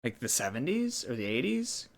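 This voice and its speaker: A man's voice: mid-range voice, sing-song, moderate pace, vocal fry. A man hosting a casual chat, rambling as he explains trivia. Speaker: host.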